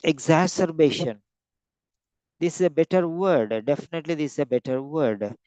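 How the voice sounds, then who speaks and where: A man teaching vocabulary in an online lesson, slowly repeating and stretching out each word for emphasis. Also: fairly high pitch, warm tone, no echo. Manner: slow, repeats words, stretches them out to stress them. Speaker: English teacher.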